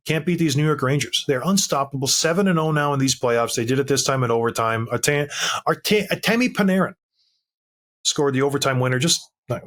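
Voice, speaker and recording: A man's voice: mid-range voice, fairly bright tone. A man co-hosting a sports podcast, telling stories in an emphatic, fired-up way during casual chat. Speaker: podcast co-host.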